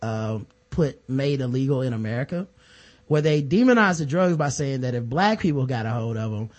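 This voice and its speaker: A man co-hosting a casual news discussion podcast, talking in an animated way and acting out the voices of people he quotes. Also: mid-range voice, normal speed. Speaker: podcast co-host.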